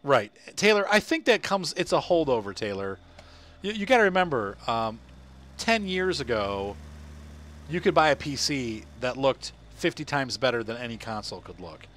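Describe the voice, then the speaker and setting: A man's voice: medium pitch, big pitch swings, normal speed, fairly bright tone, slight background noise. A man from Ohio chatting casually on a live game stream, rambling and laughing often. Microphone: headset.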